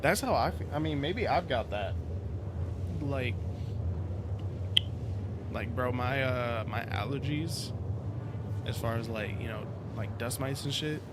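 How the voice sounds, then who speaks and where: A man's voice: medium pitch, lively intonation, takes it slowly, long pauses. A man streaming a game who chats casually with his viewers. He swears and laughs often, and his talk is full of filler words. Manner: laid-back, profane, laughs often, filler-heavy. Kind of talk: casual live-stream chat. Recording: noisy game audio underneath.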